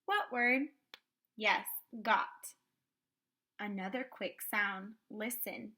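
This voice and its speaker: A woman teaching kindergarten phonics online, sounding out words slowly and clearly with cheerful prompts. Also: a little high, sharp tone.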